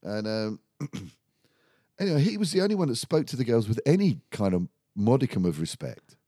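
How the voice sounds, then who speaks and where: A man telling an animated, sweary story in a casual chat. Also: medium pitch, normal speed, no room sound, studio quality.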